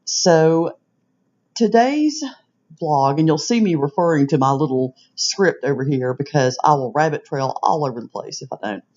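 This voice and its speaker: A woman's voice: deep voice, animated, a little mellow, lo-fi sound. A middle-aged woman with a Southern US accent, chatting casually and folksily to the camera in a vlog. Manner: chatty, folksy, drawn-out "hey" demonstrations. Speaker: vlogger. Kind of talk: casual scripted vlog talk.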